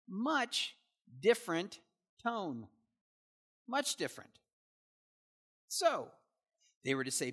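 A man's voice: on the high side, sing-song, slow pace, a bit bright. A man teaching through a Bible passage verse by verse, with casual asides that check in with his listeners.

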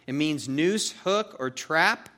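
A man's voice: a little high, lively intonation, slow pace, sharp tone. Folksy, chatty man teaching a sermon. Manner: folksy and chatty, asks "okay?" and "you know", with many fillers. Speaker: pastor teaching a Bible study. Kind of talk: conversational verse-by-verse sermon.

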